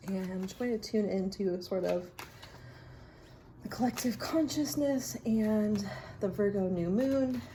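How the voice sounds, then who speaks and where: A woman chatting casually and reflectively in her bathroom while drawing oracle cards, often dropping to a hushed voice. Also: medium pitch, measured pace, slight background noise. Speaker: vlogger reading oracle cards. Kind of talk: casual rambling chat. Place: home bathroom.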